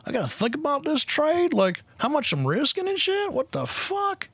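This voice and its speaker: A whiny, bewildered newbie trader with a high, squeaky pitch, put on by a man mocking him. He swears in confusion, and the dry recording has no room sound. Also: huge pitch swings, normal speed, a bit bright, dry recording, exaggerated voice.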